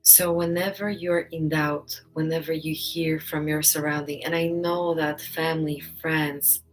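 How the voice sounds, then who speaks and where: A woman giving a live online talk as a personal development coach, gentle and encouraging, pausing often and laughing now and then. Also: sits low, level tone, rough recording. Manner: speaks with many pauses and fillers.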